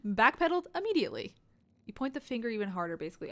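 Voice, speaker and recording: A woman's voice: fairly high pitch, big pitch swings, fast talker, fairly bright tone. A woman streaming a game, reacting anxiously and reading the game's dialogue aloud in casual commentary. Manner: reactive, anxious exclamations while playing.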